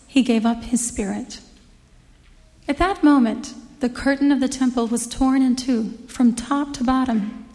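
A woman with a fairly high voice giving a measured, formal scripture reading. A long reverb trails her words, as in a large church hall. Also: mellow. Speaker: scripture reader.

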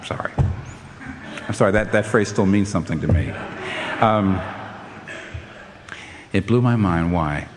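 An older man preaching a sermon in an animated way, his voice climbing to emphatic peaks, with frequent restarts. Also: low-pitched, a little slow, long pauses, in a large hall, background noise.

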